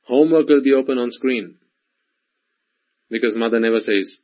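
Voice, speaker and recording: A man's voice: medium pitch, normal speed. A man giving a sermon in an emphatic style, repeating phrases and speaking directly to the listeners. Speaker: preacher. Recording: dull lo-fi recording.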